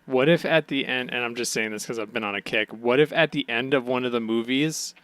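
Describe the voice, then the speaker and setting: A man's voice: mid-range voice, a little fast, fairly bright tone, smooth, no room sound. A man co-hosting a podcast in casual chat, rambling playfully through goofy what-if ideas. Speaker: podcast co-host.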